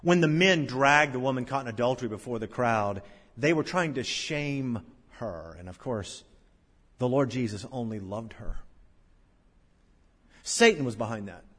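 A male pastor preaching a sermon, swelling to loud, drawn-out scripture recitations and dropping to hushed lows. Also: animated, slightly rough. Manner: slow, drawn-out recitation of King James verses. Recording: long church-hall reverb.

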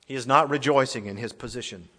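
A pastor preaching a sermon, swinging dramatically from loud declarations to hushed tones. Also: male voice, medium pitch, fast talker. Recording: long reverb of a large hall.

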